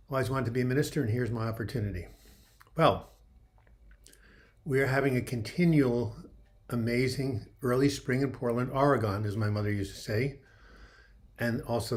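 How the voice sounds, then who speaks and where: A man in his seventies hosts a casual livestream from home, talking into a computer mic and drifting from joke to joke while greeting viewers by name. His medium-pitched voice comes from a slightly dry throat, and he coughs now and then.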